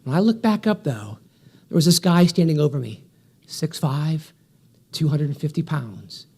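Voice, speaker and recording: Energieke motiverende spreker. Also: male voice, fairly high pitch, normal speed, vocal fry. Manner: energetic storytelling with punchy rhythm. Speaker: keynote speaker. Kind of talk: motivational keynote speech.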